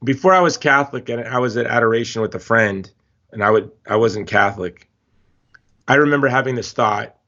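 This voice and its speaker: A man's voice: mid-range voice, creaky, fairly bright tone, muffled recording. A man speaking as a guest in a podcast interview, telling stories with passion and emphatic repetition. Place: Hawaii.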